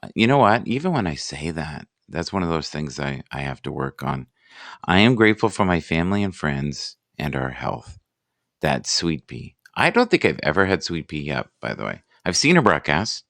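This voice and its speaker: A man hosting a casual live morning chat, musing and self-deprecating, reading out sayings slowly. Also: rumbling low, very animated, vocal fry, a bit bright, dry recording.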